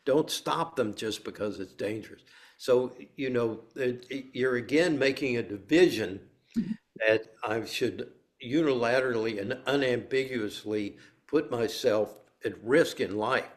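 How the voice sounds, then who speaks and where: A man's voice: medium pitch, a little slow. An older man leading a meditation group, giving a playful dharma talk with stories and laughing as he tells them. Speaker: meditation teacher.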